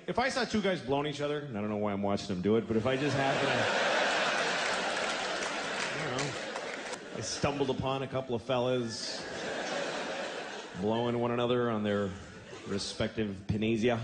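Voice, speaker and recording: A man's voice: medium pitch, reverberant, very noisy. A man doing a crude, rambling stand-up comedy routine with a mock-offended edge. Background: loud crowd laughing.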